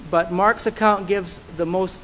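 Man, preacher, high voice, earnest, measured sermon delivery, soft hum behind. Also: fairly even intonation, poor audio.

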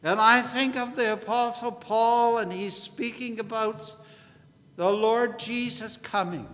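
High bright-voiced man preaching slow, echoing hall. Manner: earnest, slow and deliberate preaching, biblical phrasing. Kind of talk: gospel sermon. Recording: long hall reverb.

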